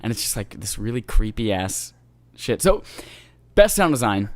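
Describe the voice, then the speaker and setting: A man's voice: fairly low pitch, sing-song, moderate pace, no echo. Enthusiastic, joking man co-hosting a podcast. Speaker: podcast co-host. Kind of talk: casual gaming podcast chat.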